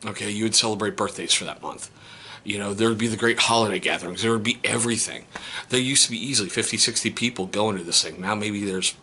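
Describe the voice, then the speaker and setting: A middle-aged step-parent vlogger, angry and holding himself back, talking through a painful family situation in a personal monologue. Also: male voice, on the low side, fast talker, slight background noise. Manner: seething, restrained, voice cracking into sharp outbursts.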